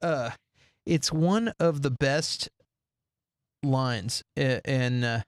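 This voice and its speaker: A man's voice: mid-range voice, very slow, no room sound. A man co-hosting a casual podcast, recapping a movie and acting out the characters' lines. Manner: animated, acts out the characters' lines in different voices. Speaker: podcast co-host.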